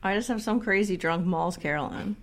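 A woman's voice: lowish voice, a little fast. A woman co-hosting a casual chat, making wry, teasing remarks about a show. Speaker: podcast co-host.

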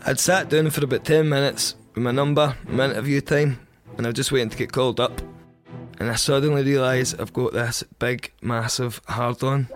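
A Scottish man tells a wild first-person story for his podcast, his voice sitting at an ordinary middle pitch. He narrates with wry, profane, vivid relish. Faint music plays quietly underneath him. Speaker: podcast host.

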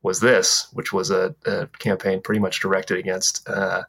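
A man speaking as a researcher guest on a podcast, halting and full of restarts. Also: deep voice, monotone, gravelly, a bit bright, husky. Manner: halting, many restarts and fillers. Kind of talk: casual chat.

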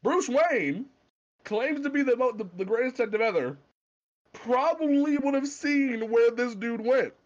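A man co-hosting a casual comic book podcast, talking in an animated, profane way with stammering restarts. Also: extremely high pitch, unhurried, dull audio. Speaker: podcast co-host.

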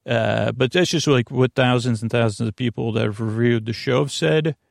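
A man hosting a sleep podcast, talking in a slow, meandering bedtime monologue that keeps drifting off topic and interrupting itself. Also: mid-range voice, creaky, no echo, studio quality. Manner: meandering, self-interrupting, soft-spoken.

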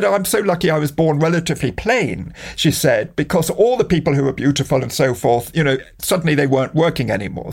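A man's voice: fairly high pitch, gravelly, husky. A middle-aged man as an interview guest, telling candid, wry anecdotes with frequent restarts. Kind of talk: conversational anecdote.

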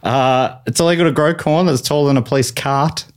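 A man's voice: medium pitch, a little fast. An Australian man hosting a comedy game show podcast, reading out answers in a dry, matter-of-fact way. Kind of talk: casual comedy podcast banter.

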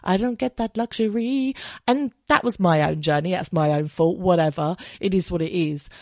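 English woman in her thirties, lowish gravelly voice, chatty and swears a lot, dry close mic. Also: moderate pace, no room sound. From England. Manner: candid, chatty and animated, swears freely. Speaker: podcast host. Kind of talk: casual solo podcast monologue.

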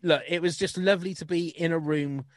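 A man's voice: fairly high pitch, fairly even intonation, fairly quick, no room sound, clean studio sound. A man co-hosting a casual chat, easygoing, with hesitant restarts and the odd swear word. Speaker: podcast co-host.

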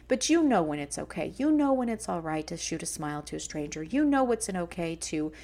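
A woman's voice: fairly low pitch, big pitch swings, fairly quick, dark tone. Emotional, earnest woman podcast host. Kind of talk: personal monologue podcast.

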